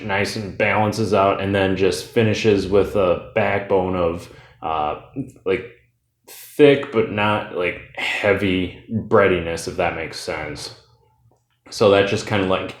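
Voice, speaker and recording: A man's voice: fairly low pitch, roomy sound. A man casually reviewing a beer, chatty and loose, drifting into tangents with lots of fillers.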